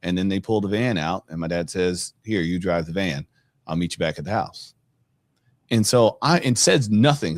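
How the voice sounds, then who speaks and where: A man's voice: sits low, normal speed, dry recording. A middle-aged man hosting a podcast, telling a personal story in a casual, conversational way with lots of fillers. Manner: conversational, many fillers, animated when retelling. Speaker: podcast host.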